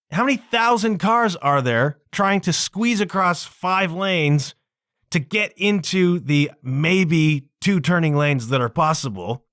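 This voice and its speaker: Animated male podcast host, lively pitch. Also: no echo, clean studio sound. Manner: animated, exclaiming, drawn-out words for emphasis. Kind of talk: casual storytelling monologue.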